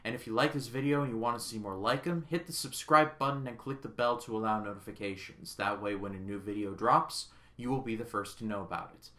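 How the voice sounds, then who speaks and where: A man hosting his own movie review channel, talking casually and with enthusiasm, full of jokes and quick asides. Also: lowish voice, a bit bright.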